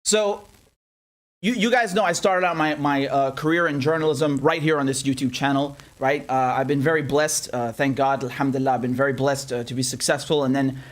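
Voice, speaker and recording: A young man hosting a live political commentary stream, animated and angry, swearing and joking as he talks. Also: medium pitch, brisk. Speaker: independent journalist and show host.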